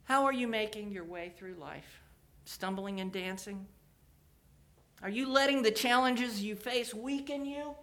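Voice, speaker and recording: A woman's voice: medium pitch, moderate pace, a bit bright. A woman telling a scriptural story and closing with reflective questions and a blessing, in a meditative sermon style.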